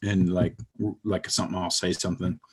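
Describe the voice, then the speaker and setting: A man talking as a podcast guest about his comics, in rambling, animated storytelling with many fillers. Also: deep voice, brisk, breathy edge. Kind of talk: casual chat.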